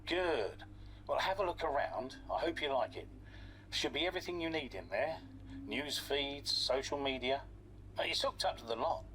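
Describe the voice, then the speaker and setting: A man voicing a friendly team liaison in a racing game, giving brisk and chatty instructions. He sounds casual and relaxed. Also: mid-range voice, slight background noise, natural voice, low-quality recording.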